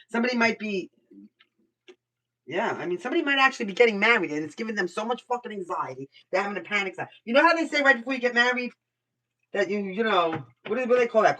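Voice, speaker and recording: An older woman talks her way through a live tarot reading, blunt, chatty and quick to swear. Her voice is bright and forceful. She sits some way back from the computer mic. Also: medium pitch. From Brooklyn, New York. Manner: blunt, chatty, swears freely, thinks aloud. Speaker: tarot reader. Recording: voice somewhat far from the mic.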